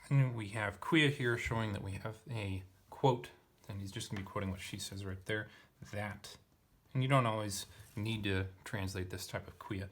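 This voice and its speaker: Husky low-voiced man parsing Latin. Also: normal speed. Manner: methodical, thinking aloud, parsing word by word. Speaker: Latin teacher. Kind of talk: explaining Latin grammar while reading.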